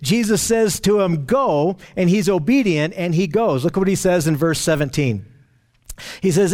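A man's voice: high voice, animated, normal speed, a little mellow. A man leading a verse-by-verse Bible teaching in an earnest, emphatic way. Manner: earnest, emphatic, with frequent restarts.

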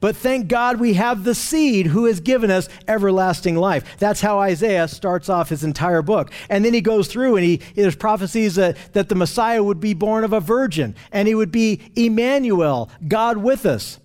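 A man preaching a sermon in an earnest teaching tone, slowing down to stress scripture. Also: high voice, a little mellow.

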